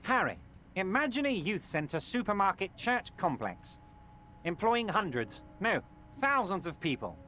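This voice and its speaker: A jovial scheming union boss. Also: male voice, sing-song, measured pace, bright, forceful tone, slight background noise, heavily acted. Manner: booming, self-assured, sweeping speechmaking. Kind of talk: video game voice acting. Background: game music.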